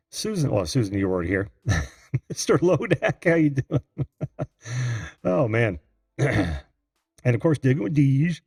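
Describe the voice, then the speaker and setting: A man's voice: mid-range voice, creaky, a little mellow, no echo, studio quality. A man from Indiana hosting a live video call-in show, chatting casually, laughing often and greeting viewers by name. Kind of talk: casual live-stream chat.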